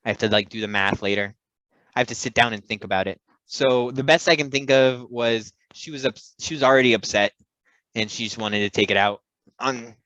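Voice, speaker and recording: A man's voice: fairly low pitch, no echo, dull audio. A man co-hosting a comedy podcast, telling a rambling story full of restarts and quoted voices. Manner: rambling, self-interrupting, animated storyteller. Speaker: podcast co-host.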